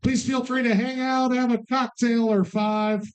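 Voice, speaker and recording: High-voiced sarcastic male bingo host. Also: flat delivery, a little slow. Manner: sarcastic, joking, loose and profane. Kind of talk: casual live hosting with banter. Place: bar, live event.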